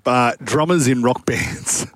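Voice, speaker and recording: A man's voice: medium pitch, lively intonation, slow, dry recording. Joking male radio co-host. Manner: joking, banters with guests. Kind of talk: casual radio chat.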